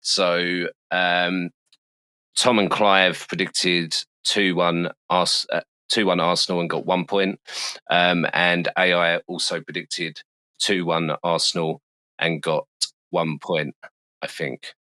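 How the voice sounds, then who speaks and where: A man's voice: sits low, flat delivery, takes it slowly, sharp tone, clear, resonant tone, dry recording. A man with a London accent hosting a casual football podcast, swearing freely and fumbling through the results with self-mocking asides. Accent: London English. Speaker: podcast host. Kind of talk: casual chat.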